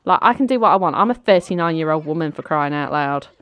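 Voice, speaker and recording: A woman voicing a sharp-tongued, curt divorced mother of 39 who stands up to her ex-husband. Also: sits low, animated, fast, smooth, dry recording. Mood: defiant. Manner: curt, dismissive.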